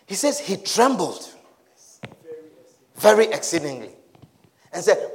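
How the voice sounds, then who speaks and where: A male preacher giving a dramatic sermon, repeating phrases and often shouting. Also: sits high, very animated, slow, pauses often.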